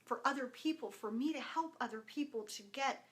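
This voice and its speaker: A woman in her thirties sharing a personal testimonial, emotional and animated, acting out quoted dialogue with many restarts. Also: high voice, fairly quick. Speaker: wellness vlogger.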